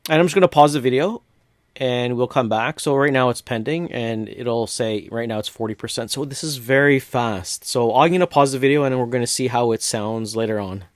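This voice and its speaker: A man calmly talking viewers through a software tutorial step by step, with casual fillers. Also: mid-range voice, a little fast, no echo, clean studio sound. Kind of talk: screen-recorded software walkthrough.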